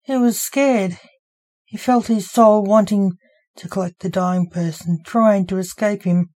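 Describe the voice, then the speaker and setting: A woman reading her own story aloud as its author, in an even, unhurried storybook narration. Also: mid-range voice.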